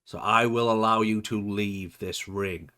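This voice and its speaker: A man putting on a slow, ominous woman manager with an accent. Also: on the low side, steady tone, pushed and bright. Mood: ominous, commanding. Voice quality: put-on accent. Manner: slow, solemn, commanding promo. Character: cryptic woman manager of a villain stable.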